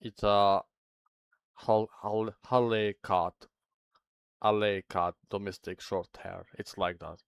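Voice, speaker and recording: A man's voice: on the low side, steady tone, slow pace, gravelly, smooth, dry recording. A man hosting a livestream, chatting casually with his viewers in a rambling, self-interrupting way and sounding a little anxious. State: a bit anxious. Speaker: livestream host.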